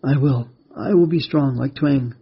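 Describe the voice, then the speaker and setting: A man voicing a frightened, excitable little boy in a storybook reading, with high yelps and pleading. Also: measured pace, slightly rough. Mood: sleepy. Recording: dull lo-fi recording.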